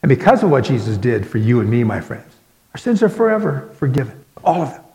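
A man preaching a sermon as pastor, earnest, with dramatic pauses. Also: mid-range voice, big pitch swings, creaky, dark tone. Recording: echoey hall with long reverb.

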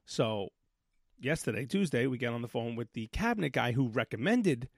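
A man co-hosting a podcast, telling a story in a profane, animated rant. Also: medium pitch, moderate pace, vocal fry, no echo, clean studio sound. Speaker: podcast co-host. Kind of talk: casual ranting chat.

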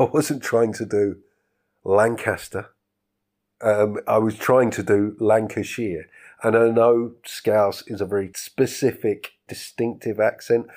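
A man's voice: on the low side, fairly even intonation, measured pace, a little mellow. An English man hosting his podcast in a casual, self-mocking monologue, chuckling often. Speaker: podcast host.

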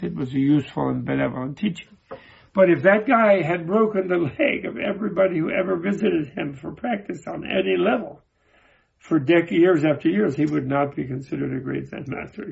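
A man with a very gravelly, husky voice and a slightly raised pitch gives an informal spiritual teaching. He talks haltingly, doubling back on his words as he tells old stories. The recording sounds dull and lo-fi. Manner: halting, repeats and restarts words, digressive. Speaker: Buddhist teacher. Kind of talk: informal spoken teaching with storytelling.

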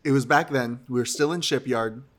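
A man co-hosting a podcast in casual chat, trading jokes and deadpan interjections. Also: mid-range voice, brisk. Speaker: podcast co-host.

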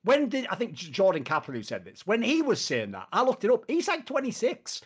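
A man in his late thirties with a high voice that leaps up and down as he rants. He swears freely and moves between mock outrage and muttered asides in loose podcast banter. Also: brisk, slightly rough. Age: 30s. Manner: animated ranting with lots of swearing. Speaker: esports podcast panelist. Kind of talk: casual chat.

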